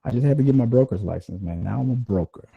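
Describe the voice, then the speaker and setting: A man hosting a podcast in casual, profane, animated rants that ramble from point to point. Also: mid-range voice, fast talker, gravelly, breathy edge, no room sound, phone-quality sound. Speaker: podcast host. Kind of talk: casual ranting chat.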